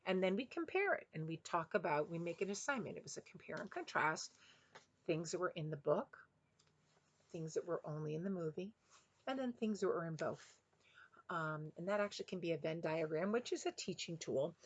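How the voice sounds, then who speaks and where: A woman's voice: lowish voice, brisk, lo-fi sound. A woman, a former kindergarten teacher, chatting in a rambling, friendly way after a read-aloud, recorded on a headset mic. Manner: chatty and rambling, with bursts of excitement. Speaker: retired kindergarten teacher reading picture books.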